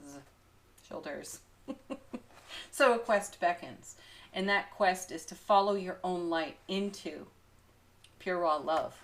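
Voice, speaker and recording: A woman's voice: on the low side, slow, pauses often. A woman doing a daily tarot card reading, talking through the cards with frequent giggles and enthusiastic exclamations. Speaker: tarot reader.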